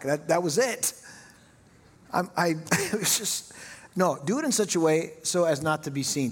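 A middle-aged man preaching a sermon, telling self-mocking stories in an animated way. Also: very high voice, brisk. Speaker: pastor. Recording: long hall reverb.

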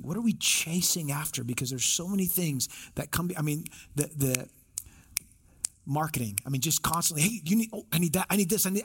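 A man's voice: a little high, a bit bright, slightly rough. A male pastor preaching a sermon, emphatic, with repeated phrases and rhetorical questions.

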